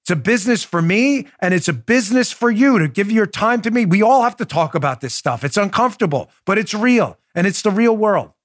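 A man's voice: sits high, animated, a little fast, hardly any pauses, no room sound, studio quality. A man hosting a political commentary podcast, talking emphatically and with indignation, addressing his listeners directly. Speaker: podcast host.

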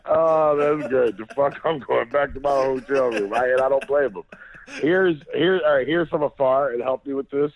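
A man co-hosting a casual podcast, chiming in with quick agreements and asking loose, rambling questions. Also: mid-range voice. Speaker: podcast co-host. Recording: dry, tinny phone-like line.

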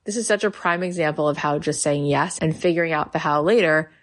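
A woman's voice: deep voice, brisk. A woman podcast host enthusiastically introducing the next clip.

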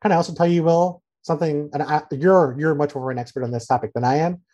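A man hosting a sports talk podcast with a dark, mellow voice. He sounds sardonic and incredulous, stacking up sarcastic points in relaxed conversation. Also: a little high, quick pace, dull audio. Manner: incredulous, sardonic, reads out quotes. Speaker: podcast host. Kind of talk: casual podcast chat.

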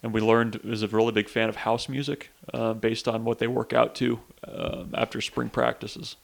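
Flat, gravelly-voiced man with dry humor. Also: medium pitch, moderate pace. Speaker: podcast co-host. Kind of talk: casual podcast chat.

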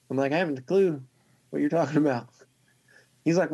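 A man, a fly tier, telling a long story in a casual, excited, rambling way and laughing often. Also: mid-range voice, fast, pauses often.

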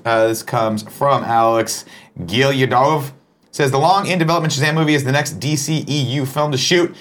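A man's voice: medium pitch, moderate pace, a bit bright. A man hosting a show who reads out news items and chats casually, with a dry, playful manner. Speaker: host reading news. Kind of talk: casual chat and news reading.

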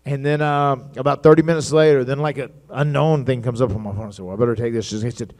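A man tells wrestling stories on stage at a live show, performing other people's words with animation. His medium-pitched voice moves quickly, with hardly any pauses.

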